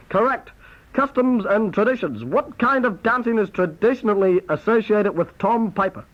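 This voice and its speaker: A man with a Northern Irish accent playing a formal, brisk quizmaster in a comedy sketch. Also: high-pitched, animated. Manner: brisk, formal quiz-host delivery. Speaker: comic quizmaster. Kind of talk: comic sketch on tape. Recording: dull old cassette tape with hiss.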